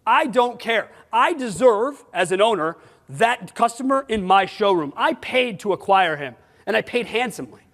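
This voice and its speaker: A man giving a conference talk, blunt and animated, throwing rhetorical questions at his audience. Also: high-pitched, moderate pace. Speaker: sales management conference speaker. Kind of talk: conference presentation. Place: conference hall. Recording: long hall reverb.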